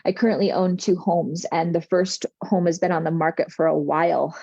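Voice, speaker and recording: A woman's voice: fairly low pitch, fairly even intonation, moderate pace, vocal fry, warm tone, slightly rough, no room sound, lo-fi sound. A middle-aged woman giving a motivational spiritual talk in an earnest, reassuring, soothing way. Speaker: spiritual coach.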